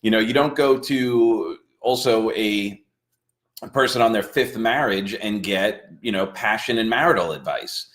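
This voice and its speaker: Guy co-host, low voice, measured motivational chat. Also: a bit bright.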